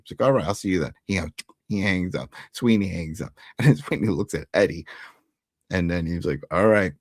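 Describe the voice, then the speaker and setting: A man's voice: low-pitched, a little fast, dry recording, studio quality. A man hosting a TV recap, talking casually and acting out the characters' lines as he goes. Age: adult who was once an altar boy. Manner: animated, acts out character lines in quotes. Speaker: TV recap host.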